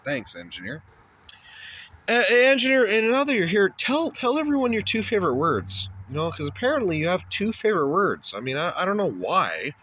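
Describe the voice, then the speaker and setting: A man's voice: high voice, wildly swooping pitch, normal speed, fairly bright tone. A man hosting a shock-humour comedy show, ranting crudely and insulting people.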